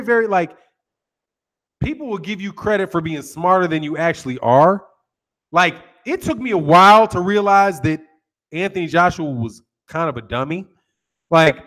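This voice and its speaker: An American man hosting a boxing channel, chatting casually and reading viewer comments in a joking, profane way. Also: high voice. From United States. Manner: profane, joking, lively with laughs.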